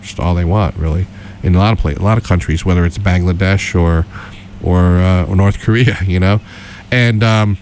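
A man's voice: sits low, steady tone, moderate pace, a little mellow, a little hiss or hum. A middle-aged man co-hosting a political radio show, talking casually and rambling with many restarts and fillers.

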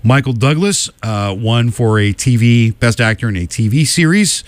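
A man co-hosting a casual podcast chat, listing award winners with quick opinions and frequent "uh" fillers. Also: mid-range voice, lively intonation, no echo. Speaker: podcast co-host.

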